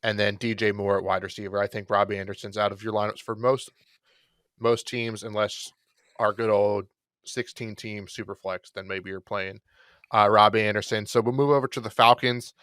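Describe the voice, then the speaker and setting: A man co-hosting a podcast, talking through fantasy football picks in a relaxed, rambling way with self-deprecating jokes. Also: on the low side, moderate pace, no room sound, clean studio sound. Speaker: podcast co-host. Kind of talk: casual fantasy football chat.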